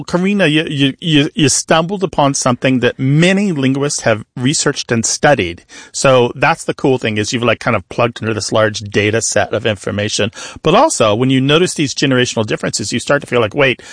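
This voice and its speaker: A man's voice: medium pitch, a bit bright, dry recording, clean studio sound. A man co-hosting a call-in radio show, explaining language to callers patiently and with examples. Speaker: radio show co-host, linguist.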